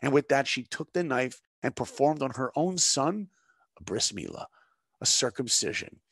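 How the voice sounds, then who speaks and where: This is a middle-aged man sharing stories as a guest in conversation. He has a gravelly, mid-range voice and speaks with earnest, preacher-like conviction, often pausing on rhetorical questions. The sound is close and dry, with no room behind it. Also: medium pitch, lively intonation, a bit bright, no echo. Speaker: guest, animation director. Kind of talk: dramatic storytelling in conversation.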